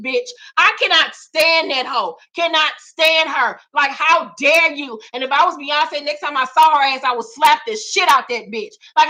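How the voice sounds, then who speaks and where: A woman's voice: high-pitched, bright, forceful tone. A woman hosting her own vlog, ranting about celebrity gossip in a profane, emphatic way and repeating lines for effect. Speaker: vlog host.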